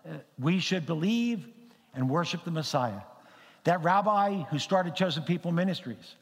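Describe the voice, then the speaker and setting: A man preaching to his congregation, telling stories and acting out conversations with lively energy. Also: on the high side, moderate pace, long reverb tail. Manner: animated storyteller, acts out dialogue. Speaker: pastor. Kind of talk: sermon with storytelling. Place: congregation hall.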